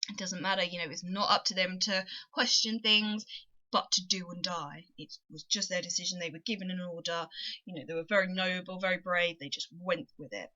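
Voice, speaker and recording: A woman tutor talks through a poem in a lesson, stressing her points by repeating words. Her voice sits a little low for a woman, yet its tone is bright and forceful. The recording sounds dull and lo-fi. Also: fairly even intonation, brisk. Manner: emphatic teacherly explaining with repeated phrases. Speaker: English tutor.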